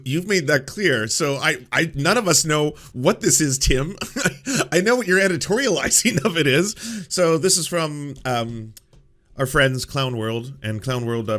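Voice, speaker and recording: A man doing casual reaction commentary on a political show. He is sarcastic and laughs often, and his pitch swings widely as he talks. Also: a bit bright.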